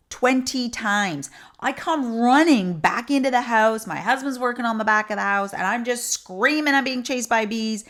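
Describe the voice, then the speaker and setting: A middle-aged woman who coaches intuition, talking casually to camera and telling stories with animated, repeated emphasis. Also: mid-range voice. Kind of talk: casual teaching talk.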